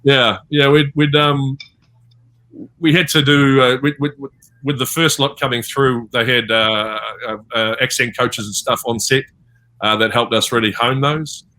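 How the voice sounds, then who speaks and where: Chatty New Zealand man, bright voice. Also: medium pitch, fairly even intonation, a little slow. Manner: rambling anecdotes with many fillers and restarts. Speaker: voice actor guest. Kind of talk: convention panel interview over video call. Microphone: video call.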